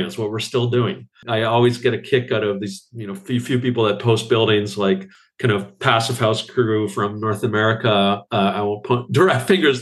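A man, an architect guest on a podcast, talking casually and acting out quotes from others with bursts of laughter. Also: medium pitch. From Canada. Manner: animated storyteller, acts out quotes with laughs.

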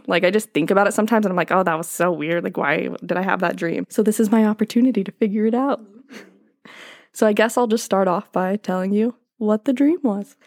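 A woman's voice: medium pitch, no echo. A young woman co-hosts a casual podcast, reading from her notes in a mid-range voice. She keeps slipping into fits of giggles. The sound is dry and close. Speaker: podcast co-host.

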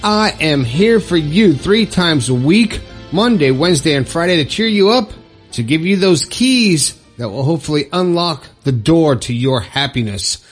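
A man hosting his own podcast, cheerful and encouraging as he gives shout-outs and reads listener letters. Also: fairly high pitch, lively intonation, normal speed, faint music behind. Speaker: podcast host. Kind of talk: upbeat solo podcast talk.

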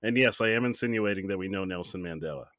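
A man co-hosting a casual podcast, joking in a deadpan, tongue-in-cheek way. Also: deep voice, fast, no echo, clean studio sound. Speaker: podcast co-host.

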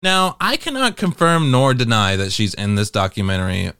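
A young adult man telling a casual, profane storytime monologue to viewers in an animated way. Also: medium pitch, moderate pace, smooth, no room sound, studio quality. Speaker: vlogger.

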